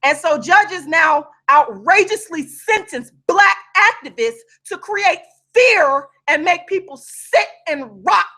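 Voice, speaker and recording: A woman giving heated, impassioned commentary on a video call, swearing and raising her voice, then pausing to apologize for yelling. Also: very high-pitched, animated. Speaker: vlogger.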